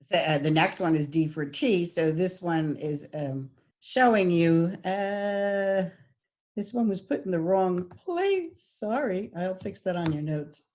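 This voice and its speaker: A woman's voice: on the low side, lively intonation, slow pace, a little mellow. A woman teaching an online diction class, speaking animatedly and exaggerating sounds to demonstrate them.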